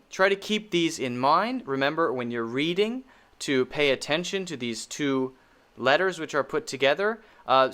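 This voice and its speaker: A man with an American accent teaching a pronunciation lesson, modeling vowel sounds slowly and repeating words for learners. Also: medium pitch, sharp tone.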